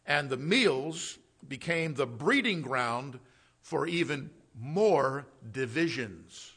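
A man's voice: medium pitch, animated, slow pace, a bit bright, husky. A man preaching an expository sermon, emphatic and given to rhetorical questions and "uh" fillers. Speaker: pastor.

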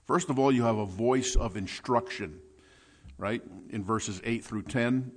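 A man preaching a sermon as a pastor, teaching from scripture with repeated words and shifts between soft asides and louder points. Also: mid-range voice, a little slow, husky.

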